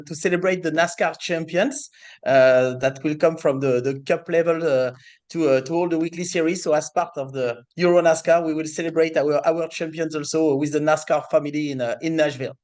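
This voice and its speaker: A middle-aged man with a French accent, a racing series president answering interview questions in halting English with many fillers. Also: a little high, a little mellow.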